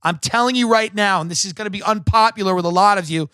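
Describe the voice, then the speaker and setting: A man's voice: high-pitched, fast talker, pushed and bright, smooth, no echo. A man hosting a podcast, ranting in a profane, sarcastic, rambling comedic monologue from his home set. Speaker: podcast host.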